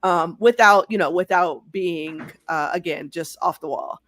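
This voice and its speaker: A woman's voice: fairly low pitch, a little slow, fairly bright tone. A woman working as a sports journalist, speaking as a guest in a casual interview over a video call. She is candid and talkative and laughs easily.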